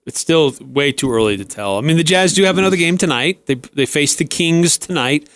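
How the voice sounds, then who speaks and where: Measured male sports radio co-host. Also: fairly high pitch, lively intonation, a bit bright, dry recording. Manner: measured, plugs the station's schedule. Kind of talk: casual sports talk.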